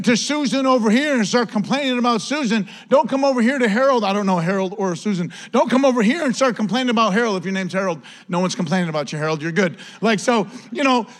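A man's voice: high voice, in a large hall. A male pastor preaching a sermon, impassioned, with repetition and rising exclamations.

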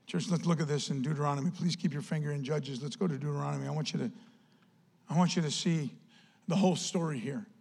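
A male pastor preaching a sermon with lively delivery, acting out quoted voices. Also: a little high, quick pace, gravelly.

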